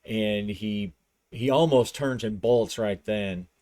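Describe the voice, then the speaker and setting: Male solo-game narrator, low and unhurried, loose storytelling with restarts. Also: mellow, no room sound.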